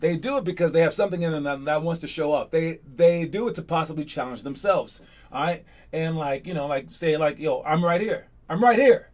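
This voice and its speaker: A fairly high-pitched man talks to his basketball students in a loose, motivational way. He is energetic and chatty, and he keeps checking in with a quick "all right?" as he goes. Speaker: basketball coach. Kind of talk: casual motivational talk to students.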